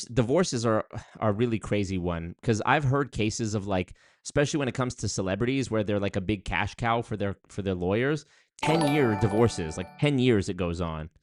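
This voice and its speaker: A man's voice: fairly low pitch, no echo, clean studio sound. A young man chatting casually on a livestream, reading viewer comments aloud and rambling with many fillers and restarts. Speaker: streamer reading chat.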